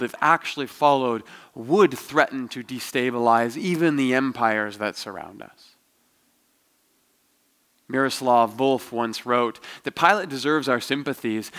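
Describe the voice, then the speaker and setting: A man's voice: medium pitch, a bit bright. Reflective man preaching a sermon. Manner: reflective, measured storytelling. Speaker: pastor.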